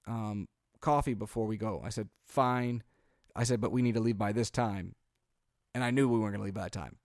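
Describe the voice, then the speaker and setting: Dad podcast co-host, 30s, mid-pitched, chatty storyteller, dry close sound. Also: male voice, dry recording. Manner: animated storyteller, acts out quotes, frequent "like" and "um". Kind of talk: casual storytelling chat.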